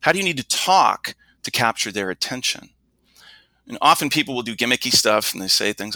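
A middle-aged man who works as a communication coach, explaining things in a measured, instructive way and demonstrating his points with his own voice. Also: medium pitch, expressive, pushed and bright, dry recording. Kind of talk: explanatory interview talk.

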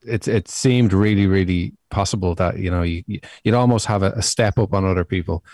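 Casting: Irish male co-host, lowish voice, hesitant relaxed chat, dry close sound. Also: no echo. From Ireland. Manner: halting, self-correcting, relaxed. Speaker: podcast co-host. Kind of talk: casual chat.

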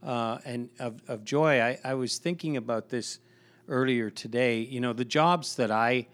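A man's voice: medium pitch, a little slow, a bit bright. A man, a pastor, chatting on a podcast and telling a work story with lots of restarts and repeated words. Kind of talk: casual podcast conversation.

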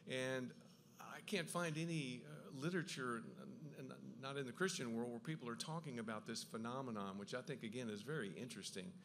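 A man giving an enthusiastic Bible talk, with quick asides and frequent restarts as he explains. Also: medium pitch, fairly bright tone, a little hiss or hum. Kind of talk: lively lecture on the Gospels.

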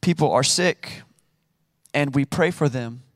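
A man's voice: medium pitch, unhurried, no room sound, clean studio sound. A married man giving a casual, conversational sermon, acting out quotes with playful asides. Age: adult, married. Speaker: preacher.

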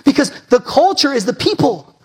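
A man's voice: very high voice, sing-song, moderate pace. Fired-up man preaching a sermon. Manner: fired-up, conversational preaching with big swings from loud to hushed. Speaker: pastor.

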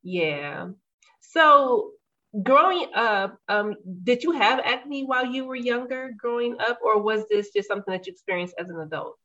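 Woman, podcast host, enthusiastic, crisp tone, dull lo-fi sound. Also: on the high side, lively intonation, normal speed, sharp tone. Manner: enthusiastic, effusive. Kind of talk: interview hosting. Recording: dull lo-fi audio.

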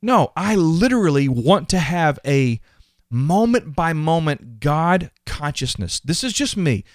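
A man's voice: a little high, sing-song, a little slow, no room sound, clean studio sound. A man hosting a motivational faith podcast, earnest and emphatic, often repeating his words. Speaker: podcast host.

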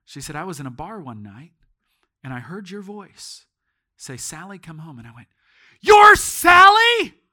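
A man preaching a sermon in a church as pastor, telling stories and swinging from hushed tones to shouts. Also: fairly high pitch, lively intonation, moderate pace, breathy edge.

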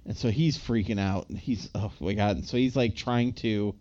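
A man's voice: fairly low pitch, normal speed, mellow. Man, podcast co-host, rambling movie recap, lots of likes and ums, slightly dull lo-fi sound. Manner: rambling plot recap with filler words. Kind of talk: casual chat.

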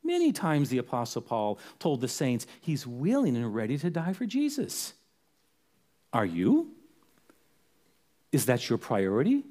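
A man's voice: mid-range voice, wildly swooping pitch, a little slow, long pauses, warm tone. A man preaching a sermon as a pastor, earnest, repeating phrases for emphasis.

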